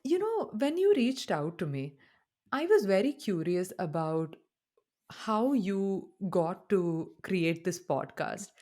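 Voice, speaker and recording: A woman's voice: mid-range voice, big pitch swings, slow, darkish tone. A woman guest on a podcast who asks the host curious, engaged questions. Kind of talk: conversational interview.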